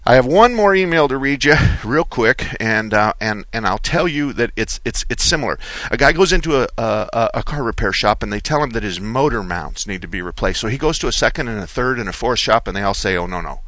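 A middle-aged man hosting a car-repair call-in radio show, telling stories with lively quoted voices. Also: a little fast, hardly any pauses, no room sound, rough recording. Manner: animated storyteller, acts out quotes with big pitch jumps. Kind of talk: talk radio monologue.

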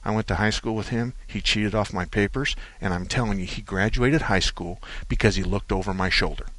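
A man hosting a call-in radio show, telling stories in a folksy, joking way with chuckles and quick asides. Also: lowish voice, fairly bright tone.

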